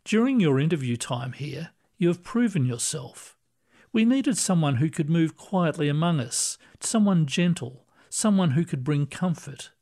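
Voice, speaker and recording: A man doing a kindly, gentle ghost librarian. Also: a little high, expressive, measured pace. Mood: reassuring. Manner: gentle, reassuring, soft-spoken.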